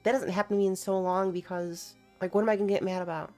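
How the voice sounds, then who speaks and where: A young woman giving casual, teasing reaction commentary on online clips, sarcastic and quick to laugh. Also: medium pitch, fairly even intonation, warm tone, faint music behind.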